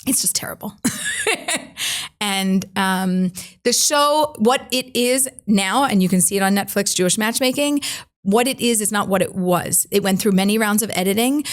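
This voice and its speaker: A middle-aged woman recounts her story with lively expression, stepping into the voices of the people she quotes. Her voice sits at an ordinary middle pitch, and her telling stays personal and warm in tone. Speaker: matchmaker, interview guest. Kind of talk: animated storytelling in conversation.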